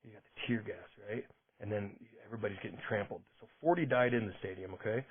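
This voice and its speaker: A man's voice: on the low side, fast talker. A man hosting a podcast, talking through news stories in a rambling, self-interrupting way. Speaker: podcast host. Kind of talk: casual monologue. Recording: tinny phone-like sound.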